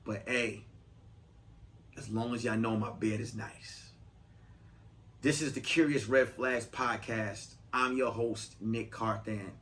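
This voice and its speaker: A man's voice: lowish voice, steady tone, slow, long pauses, a bit bright. A man hosting a podcast as a comedian, giving profane, emphatic, rambling advice in a comic monologue.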